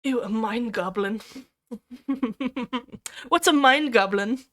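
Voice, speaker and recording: Bubbly high-voiced woman streamer. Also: takes it slowly. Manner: excitable, swears freely, squeals over cute things. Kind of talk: casual livestream chat with viewers.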